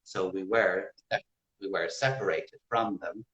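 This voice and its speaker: Deep-voiced Irish man explaining accents. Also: fairly even intonation, fairly bright tone, highs cut off. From Ireland. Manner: measured, demonstrates pronunciations. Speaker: guest language expert. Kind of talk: casual interview explaining accents.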